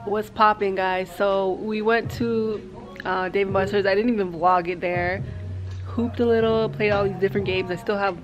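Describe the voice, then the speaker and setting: A woman talking casually to the camera in a vlog, chatty and quick to laugh. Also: medium pitch, lo-fi sound, soft background music. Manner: chatty, laughing, loud and lively when out with friends. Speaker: vlogger.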